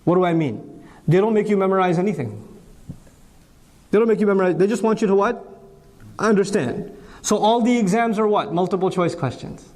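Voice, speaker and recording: Emphatic high-voiced man lecturing. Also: a little mellow. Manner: emphatic, rhetorical questions answered himself. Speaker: Islamic speaker.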